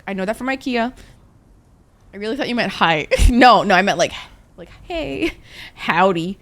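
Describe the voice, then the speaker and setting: A woman's voice: mid-range voice, lively intonation, normal speed, pauses often, fairly bright tone. A young woman from Egypt, a native Arabic speaker, chatting and swearing freely as she streams a game. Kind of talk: casual gameplay commentary.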